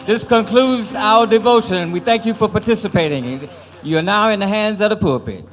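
A man closing a church devotion with relaxed, hesitant remarks. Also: high voice, normal speed, faint music behind. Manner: casual and relaxed, hesitant fillers. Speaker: deacon leading devotion. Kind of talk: church announcements. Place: large church sanctuary. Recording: reverberant hall.

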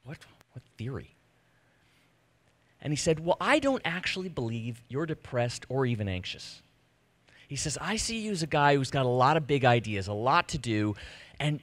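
Animated man telling a personal story. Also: medium pitch, dry recording. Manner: animated, self-deprecating, acts out quoted exchanges. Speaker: speaker giving a personal talk. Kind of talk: personal storytelling talk to a live audience. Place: stage before an audience.

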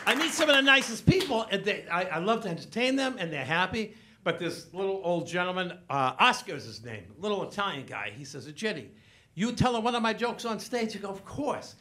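High, bright older male comedian. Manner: animated storytelling, acts out family members in quick back-and-forth. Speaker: stand-up comedian. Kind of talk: stand-up comedy set. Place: comedy stage.

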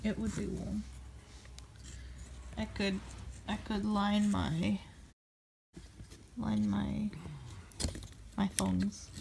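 A woman's voice: mid-range voice, flat delivery, drawn-out words, creaky, long pauses, darkish tone, a little hiss or hum. A woman joking around in a casual home chat as a vlogger. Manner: playful and joking.

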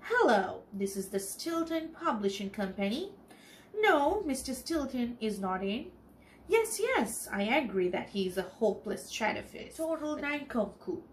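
A cocky, chattery male mouse from a children's storybook, always teasing and pleased with himself, read aloud by a woman. The voice sits fairly high and bounces around a lot. The delivery is slow and lively. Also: echoey room, slight background noise. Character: boastful prankster mouse cousin, male.

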